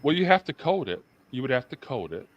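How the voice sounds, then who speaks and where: A man's voice: medium pitch, very animated, a little fast, lo-fi sound, a crowd in the background. A middle-aged man chatting casually as a livestream guest, rambling with lots of fillers and restarts.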